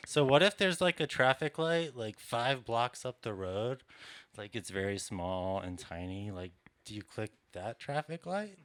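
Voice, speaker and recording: A man doing stand-up with a bright, forceful voice that comes through smooth and crisp. He rants in an exasperated way and swears often. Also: medium pitch, animated, measured pace. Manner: exasperated ranting, profane. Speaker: stand-up comedian. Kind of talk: stand-up set. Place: comedy club stage.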